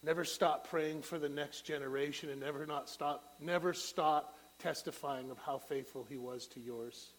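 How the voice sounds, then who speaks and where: Middle-aged guy preaching, fairly high voice, gets loud and passionate then goes soft for prayer. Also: fairly even intonation, normal speed, hardly any pauses, poor audio. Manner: impassioned, swings from loud rising peaks to quiet low prayer. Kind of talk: sermon.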